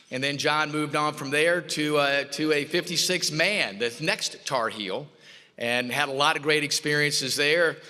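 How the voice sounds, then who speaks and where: A man's voice: fairly high pitch, bright, forceful tone. A man giving an awards speech, telling stories in a folksy way and acting out what people said. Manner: folksy storytelling, acts out quoted dialogue. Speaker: award presenter. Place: hotel ballroom. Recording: long hall reverb.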